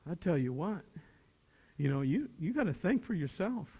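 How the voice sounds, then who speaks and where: Older man, retired teacher, high voice, folksy motivational talk, reverberant auditorium. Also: very animated, moderate pace, husky. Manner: folksy and plainspoken, swings from loud to hushed. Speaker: motivational speaker to high school students. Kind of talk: motivational speech to students. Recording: long reverb of a large hall.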